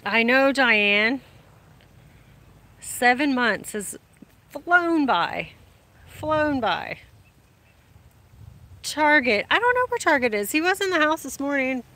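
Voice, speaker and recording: A woman's voice: high voice, lively intonation, unhurried, dry recording. A woman, hosting a casual livestream outdoors, chatting with viewers over her phone and laughing often. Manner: chatty, warm greetings, frequent laughs. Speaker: livestream host reading viewer comments. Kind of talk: casual live chat. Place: outdoors in sunlight.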